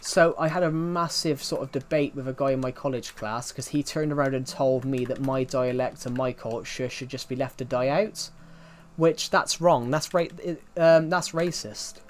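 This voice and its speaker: A young British man with a non-London accent chats casually during a game live stream, rambling, repeating himself, and dropping "um" and "if you get what I mean" often. His mid-range voice keeps fairly even intonation at normal speed, over slight background noise.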